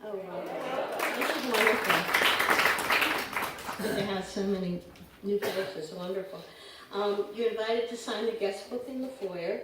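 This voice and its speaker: Female church treasurer giving welcome notes, halting and friendly, in a reverberant sanctuary. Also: mid-range voice, fairly even intonation, crowd noise. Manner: warm, hesitant, many ums, chuckling. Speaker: congregation treasurer welcoming guests. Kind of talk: casual welcome announcements. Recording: echoey hall from far off, background noise.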